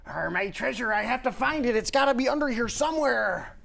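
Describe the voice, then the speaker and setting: A young man in a student comedy sketch putting on a boisterous pirate voice, growling "arr" and shouting pirate slang. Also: very high-pitched, brisk, vocal fry, heavily acted. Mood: frantic treasure hunt. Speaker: co-host.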